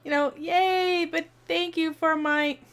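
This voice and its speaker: A woman streamer telling a rambling, animated story to her viewers, acting out the voices as she goes. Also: very high-pitched, takes it slowly. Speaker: streamer and video host.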